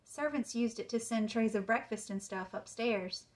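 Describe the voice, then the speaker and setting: A bossy, practical older girl who speaks briskly and matter-of-factly, read by a woman near her own voice. It has the feel of a storybook read-aloud. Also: on the high side, lightly acted.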